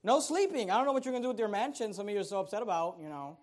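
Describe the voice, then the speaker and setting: A pastor preaching a sermon in a conversational style, with rhetorical questions and loud, rising emphasis. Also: male voice, high voice, lively intonation, racing, hardly any pauses.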